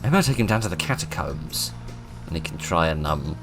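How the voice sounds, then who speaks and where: A gaming host chats casually over his play session, poking fun at himself and giggling between lines. His voice is deep and very animated, rising and falling a lot. Quiet game music runs in the background. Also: brisk. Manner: self-mocking, giggly. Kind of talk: casual let's-play commentary.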